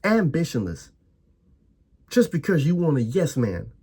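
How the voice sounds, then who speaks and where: Brief: young adult male fan-vlogger, husky, a touch high, angry profane rant. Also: expressive, normal speed, a little mellow. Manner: heated, profane, repetitive ranting with stammered restarts. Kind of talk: ranting fan reaction.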